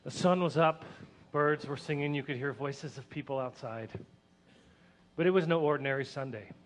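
A man narrating a dramatic first-person story in an earnest, emotional way, swelling with excitement at tense moments. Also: a little high, normal speed.

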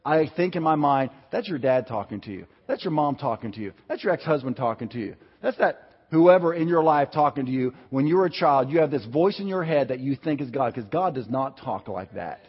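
A man preaching a sermon in a lively, conversational way, swinging between loud and soft delivery. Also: mid-range voice, fairly quick, few pauses, slightly rough. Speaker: pastor. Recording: dull sound with long hall reverb.

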